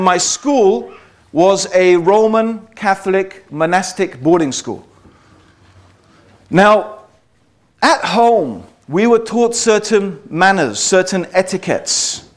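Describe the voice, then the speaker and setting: A man giving a public talk to a live audience, conversational and wry, often checking in with "okay?" and "right?". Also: sits high. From Britain. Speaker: speaker addressing an audience.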